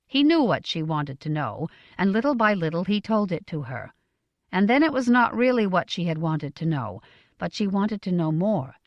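A woman narrating an audiobook in a measured, expressive way. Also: mid-range voice, no room sound, dull audio. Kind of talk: scripted narration.

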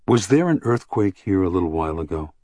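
A man voicing an emotional, awkward man in an audiobook, speaking in a halting, hesitant way. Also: low voice, big pitch swings, dark tone, no echo, studio quality. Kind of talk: audiobook character reading.

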